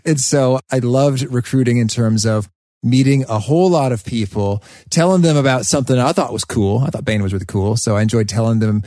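A man's voice: mid-range voice, fairly quick, no echo, clean studio sound. A man hosting a casual podcast conversation, telling stories with enthusiasm. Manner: enthusiastic, animated storytelling. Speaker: podcast host.

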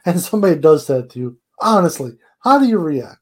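Husky, lively co-host asking questions. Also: mid-range voice, fairly quick. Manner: probing follow-up questions. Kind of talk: casual podcast chat.

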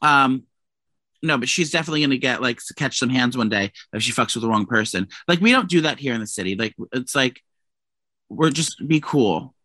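A New man chats on a gossip podcast with a bright, forward voice. He swears freely and keeps breaking off and restarting mid-sentence. The sound is dry and close, with no room around it. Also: mid-range voice, animated, brisk, no echo. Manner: profane, rambling storyteller with many restarts. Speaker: podcast co-host. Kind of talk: casual gossip chat.

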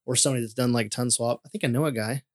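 A man's voice: medium pitch, steady tone, very fast, no room sound, studio quality. A young man co-hosting a podcast in casual chat, laid-back and rambling with plenty of fillers. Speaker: podcast co-host.

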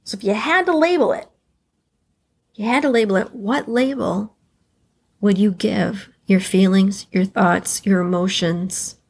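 A woman leads a guided reflection at a slow, deliberate pace. Her voice carries a gravelly, fry-tinged texture, and she repeats key phrases to let them settle with the listener. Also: mid-range voice. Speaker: podcast host.

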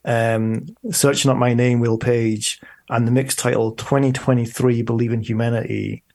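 A man's voice: medium pitch, level tone, normal speed, creaky, darkish tone. A man, talking enthusiastically as a podcast guest. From Scotland. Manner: enthusiastic, promotional. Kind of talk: conversational interview.

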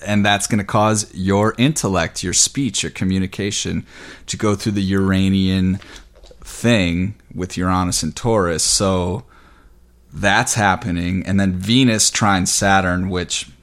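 Low-voiced man astrologer, chatty and excitable, a touch winded. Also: measured pace. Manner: casual, excited, rambling with fillers. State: slightly out of breath. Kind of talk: weekly astrology forecast.

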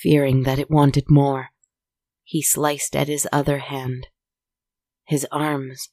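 A storyteller reading a dark tale in a slow, solemn, measured way. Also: medium pitch, little pitch movement, dry recording. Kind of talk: scripted story narration.

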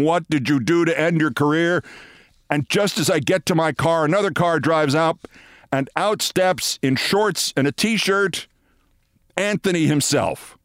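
A man's voice: fairly high pitch, clear, resonant tone, no room sound, clean studio sound. A middle-aged man hosting a podcast, telling a story with wry, dramatic flair and signing off the show. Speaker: podcast host. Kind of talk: monologue storytelling and sign-off. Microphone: studio mic.

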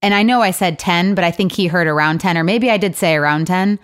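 A woman's voice: fairly low pitch, fast, clean tone. A woman hosting a podcast in casual chat, rambling and restarting her sentences as she tells a story. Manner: rambling, self-interrupting, laughs often. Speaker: podcast host.

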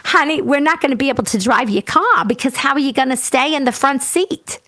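A woman quoting a famous actress, speaking kindly and calmly. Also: high voice, fairly quick, no echo, clean studio sound. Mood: soothing. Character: gentle famous actress, calm and kind.

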